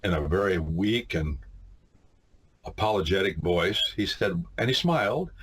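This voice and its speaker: Deep husky-voiced man lecturing. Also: lively intonation, unhurried, a bit bright. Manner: emphatic, repeats "no, no, no" and addresses "my friends". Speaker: lawyer teaching a civics catechism. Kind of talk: informal lecture with anecdotes.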